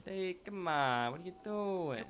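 Excitable man with a very lively voice. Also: sits high, a little slow, slight background noise. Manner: excitable, swears playfully, talks to the game. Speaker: let's play gamer. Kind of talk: casual gameplay commentary.

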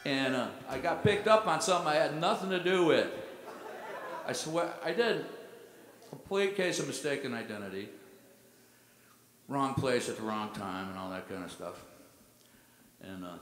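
A man telling stories from the stage at a live concert, loose and rambling as he drops "man" into his sentences. His voice sits at an ordinary middle pitch. It rings out through a roomy hall with a long reverb tail. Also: lively intonation, normal speed, pauses often, a bit bright, a little hiss or hum. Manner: laid-back rambling storyteller, says "man" a lot. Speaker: singer-songwriter performing on stage. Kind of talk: storytelling between songs at a concert. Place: live music venue, heard from a hall.

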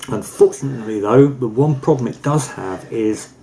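A man co-hosting a casual e-liquid review, chatty and quick to laugh, often repeating words as he thinks. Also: medium pitch, dark tone, a little hiss or hum, poor audio.

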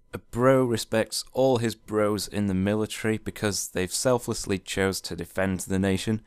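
A Yorkshire-accented man talks through a casual accent-tag video in a dry, wry and relaxed way. His voice sits low and comes across smooth and resonant. The sound is close and dry, with no room around it. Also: no room sound. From Yorkshire, England. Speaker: vlogger.

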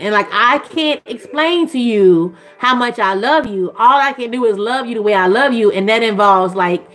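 A woman vlogger and mom chats casually to the camera, rambling and gushing as her voice swings up into high, excited tones.

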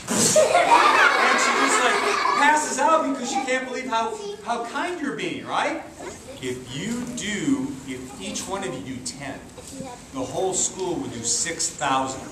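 A man, a martial arts instructor, giving an energetic call-and-response talk to children at a school assembly, coaxing them to repeat phrases. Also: a little high. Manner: energetic, coaxing, asks questions and has the kids repeat phrases. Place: large echoey room such as a school gym. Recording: echoey hall from far off with kids' noise. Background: children's voices and room noise.

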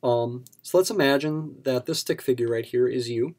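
In a recorded lesson, a math instructor works through a problem step by step, patient and methodical at a normal speed. His mid-range, slightly mellow voice keeps returning to key terms for emphasis.

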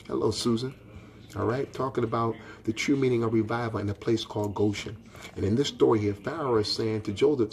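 A man's voice: medium pitch, fast talker. A male pastor preaching a sermon in a folksy, direct way, rising to impassioned, emphatic questions. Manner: folksy and direct, talks to viewers by name.

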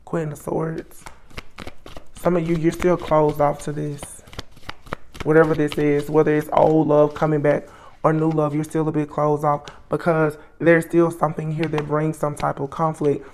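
A woman's voice: low-pitched, monotone, moderate pace, a little hiss or hum. Musing woman reading tarot cards. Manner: musing, names cards aloud with soft exclamations. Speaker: tarot reader.

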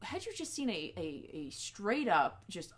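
A woman's voice: medium pitch, sing-song, unhurried. A woman co-hosting a comics review show, chatting casually with hesitant starts and lots of filler words.

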